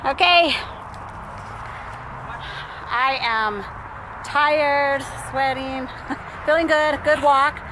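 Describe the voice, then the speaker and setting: Breathless mom filming a trail walk. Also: female voice, high voice, drawn-out words, pauses often, noisy background. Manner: chatty, laughing often, cooing at her toddler. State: out of breath from walking. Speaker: vlogger mom. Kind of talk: casual family vlog narration. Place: outdoor nature trail.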